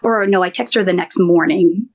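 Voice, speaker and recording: A woman's voice: on the low side, normal speed. A young adult woman, a nurse, telling a personal story as a podcast guest, talking animatedly and acting out what others said. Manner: animated, acts out quoted dialogue, frequent "like".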